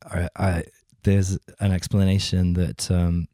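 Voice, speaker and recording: Film podcast co-host, English man, very low voice, halting and dry. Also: little pitch movement, mellow, no echo. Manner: hesitant, dry humor, many fillers. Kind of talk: casual film discussion.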